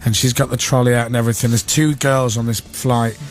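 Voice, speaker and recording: A man's voice: mid-range voice, fairly even intonation, brisk, soft background music. A man hosting a radio breakfast show in a studio, chatting casually and joking, sometimes slipping into mock voices for anecdotes. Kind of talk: casual chat. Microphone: studio microphone.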